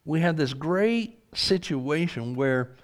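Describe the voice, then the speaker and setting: A man's voice: on the high side, animated, slow pace. A man preaching a sermon, reading scripture aloud and asking earnest rhetorical questions.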